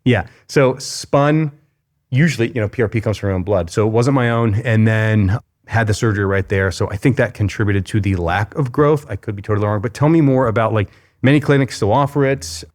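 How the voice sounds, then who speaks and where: A man's voice: on the low side, brisk, darkish tone. A man hosting a podcast interview, talking casually and enthusiastically, drifting between topics. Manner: enthusiastic, conversational, tangential. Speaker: podcast host.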